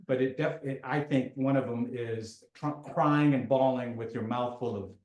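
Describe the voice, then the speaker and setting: A man telling a personal story in a halting way, often repeating words, with dark self-mocking humor. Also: mid-range voice, steady tone, echoey room, lo-fi sound.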